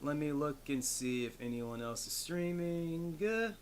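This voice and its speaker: A man's voice: fairly high pitch, expressive, measured pace, a little hiss or hum. A man streaming a retro video game, chatting casually, rambling through asides and swearing freely. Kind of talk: casual gaming commentary. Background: game music.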